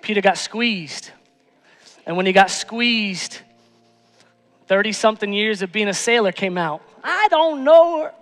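A male pastor preaching a sermon, moving between hushed, tender lines and loud, emphatic ones. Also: sits high, a little slow, pauses often, in a large hall. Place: church sanctuary.

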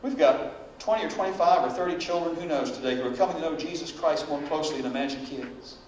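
Male pastor, high voice, dramatic preaching style; recorded from far off in a very echoey sanctuary. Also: quick pace, a little mellow, slight background noise. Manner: dramatic, acts out quoted prayers and dialogue. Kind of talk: sermon. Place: church sanctuary. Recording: very echoey church hall, voice from far off.

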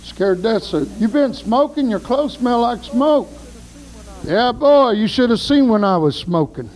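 High-voiced preacher man. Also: animated, a little slow, rough recording. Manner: folksy storytelling, shouts praise. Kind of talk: sermon.

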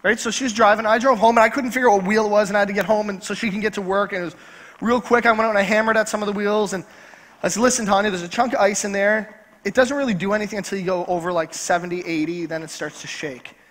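A male pastor preaching a sermon in a church, driving points home by repeating key phrases slowly. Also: sits high, fairly even intonation, fairly bright tone. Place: church sanctuary. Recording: long church hall reverb.

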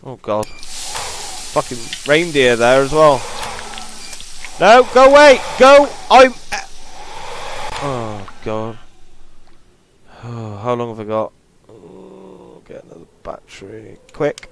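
A gaming host talks through a scary game, his voice swinging widely from low mutters to high yelps. His delivery is slow and drawn out, breaking into swearing when startled. Faint noise sits behind the recording. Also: huge pitch swings, fairly bright tone. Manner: jittery, swearing, frightened outbursts and mutters. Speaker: gaming YouTuber. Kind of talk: horror game let's play commentary.

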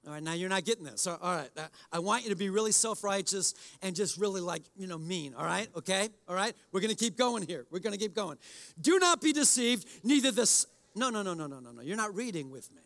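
A man's voice: sits high, fast, hardly any pauses, a bit bright. A man preaching a sermon as pastor in a church service, exhorting in a conversational way and addressing the congregation directly.

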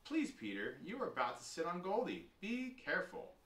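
A man voicing an excited, bossy little girl who talks in high, animated squeals. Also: moderate pace, reverberant, far from the mic.

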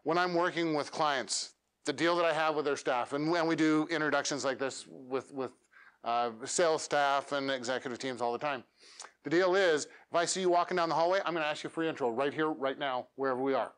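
Animated man coaching a workshop room. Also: a little high. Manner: animated, uses dramatic pauses and demonstrates lines. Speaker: speaker coaching elevator pitches. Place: meetup room.

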